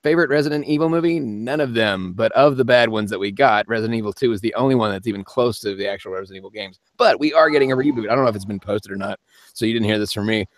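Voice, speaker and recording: A voice actor hosts a live-stream Q&A, chatting casually and rambling as he answers viewer comments, laughing often. His voice is lowish and his pace quick. There is no room sound.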